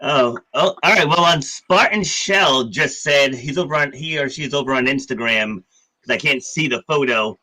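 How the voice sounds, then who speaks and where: Casting: man, 50s, bright forceful tone, easygoing live-stream host. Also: medium pitch, moderate pace, rough recording. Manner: easygoing, laughs it off. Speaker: podcast host. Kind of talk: casual live-stream interview.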